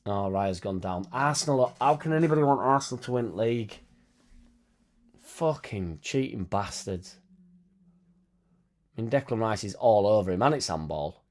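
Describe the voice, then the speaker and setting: A man's voice: lowish voice, animated, fast, a little mellow. Swearing Yorkshire man on a livestream. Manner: blunt, swearing, chatty banter. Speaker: livestream host. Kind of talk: casual watchalong chat.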